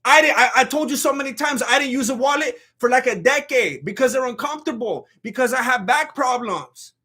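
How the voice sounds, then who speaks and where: Male comedic host, very high-pitched, bright and tense, excitable stammerer. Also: brisk, husky. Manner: animated, swings between loud outbursts and low mutters; stammers and restarts. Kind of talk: comedic commentary with a sponsor read.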